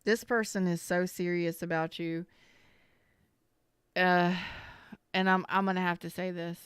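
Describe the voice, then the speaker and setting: Woman, tarot reader, live stream, candid and rambling, close to tears, very smooth resonant voice. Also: fairly low pitch, little pitch movement, measured pace, dry recording. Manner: rambling, candid and emotional, with casual swearing.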